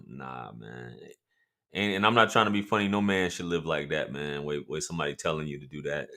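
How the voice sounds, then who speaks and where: A man's voice: very deep voice, fairly quick, pushed and bright. A man hosting a casual livestream, joking and bantering with viewers in loose, slangy talk. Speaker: livestream host.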